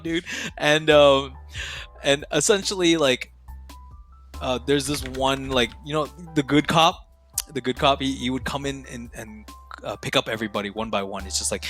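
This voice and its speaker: A young man talks as a podcast guest, his voice bright and forceful. He tells stories in a loose, slangy way, swears freely and gets excitable as he goes. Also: medium pitch, unhurried, pauses often, faint music behind. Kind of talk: casual storytelling.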